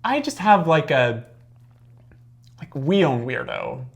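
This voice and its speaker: A podcast co-host in casual banter, dropping quick wisecracks and agreeable asides. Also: mid-range voice, big pitch swings. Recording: noisy background.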